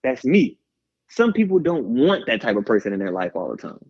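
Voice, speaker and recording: A guest musician from Houston, Texas, talks candidly in an interview, ranting and hyping people up with animated, rambling energy. His mid-range voice is slightly rough and a little fast. The radio audio is slightly dull and lo-fi.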